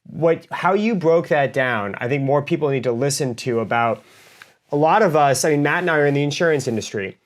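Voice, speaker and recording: A man's voice: fairly high pitch, lively intonation, a little fast. A man hosting a podcast, asking long, enthusiastic, rambling questions. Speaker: podcast host. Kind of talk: casual interview chat.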